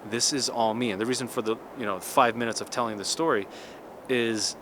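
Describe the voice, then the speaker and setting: A man's voice: medium pitch, brisk, noisy background. A man in his thirties telling a story in a casual, chatty vlog monologue, with lots of restarts and "like". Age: 30s. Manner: chatty, animated, many restarts and "like". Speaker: vlogger.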